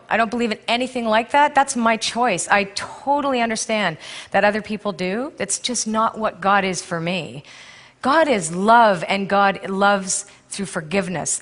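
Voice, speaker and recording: On stage in a large hall, a middle-aged intuitive counselor and speaker tells stories candidly to a live conference audience, often breaking into laughter. Her mid-range voice is a bit bright, with long reverb from the hall.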